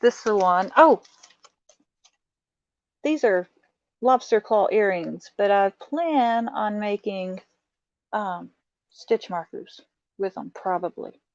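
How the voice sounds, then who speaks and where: A woman's voice: medium pitch, animated, slow pace, pauses often, no room sound. A middle-aged woman, chatting casually on a live stream as she shows off a craft haul, laughing often and talking to her viewers. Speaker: livestream host showing a craft haul. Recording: dull, muffled lo-fi sound.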